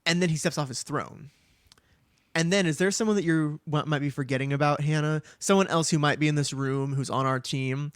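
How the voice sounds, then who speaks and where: A man co-hosting a casual podcast, animatedly recapping a book chapter and slipping into quick character voices between laughs. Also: a little high, no room sound, clean studio sound. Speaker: podcast co-host.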